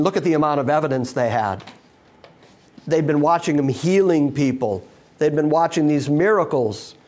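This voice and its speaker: A man's voice: on the high side, darkish tone. A man preaching a sermon to a live congregation, emphatic and full of rhetorical questions put to the listeners. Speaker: pastor.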